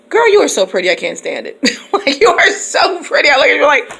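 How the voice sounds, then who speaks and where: A woman's voice: mid-range voice, wildly swooping pitch, fairly quick, creaky, pushed and bright, slightly rough. A woman teacher from Michigan, chatting casually in her car and laughing often. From Michigan, USA. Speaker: teacher and vlogger. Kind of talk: casual chat.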